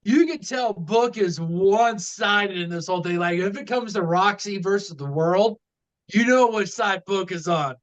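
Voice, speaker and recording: A man's voice: high voice, moderate pace, low-quality recording. A man co-hosting a casual wrestling podcast, rambling with lots of fillers and restarts. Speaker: podcast co-host.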